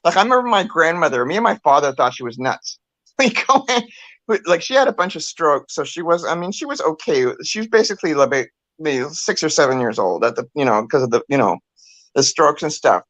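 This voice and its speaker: An older woman with a very lively, swooping voice tells a family story with lots of laughter. The sound is close and dry. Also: low voice, fairly quick, no echo. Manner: animated storyteller, laughs often. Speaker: co-host. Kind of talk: casual chat.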